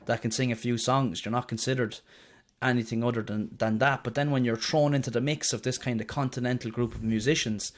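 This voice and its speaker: A man's voice: medium pitch, fairly even intonation, a little fast. A young Irish man, a guest singer, chatting in an interview and telling stories with a loose, self-mocking way of talking. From Ireland. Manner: chatty storyteller, swears and jokes about himself. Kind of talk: casual interview chat.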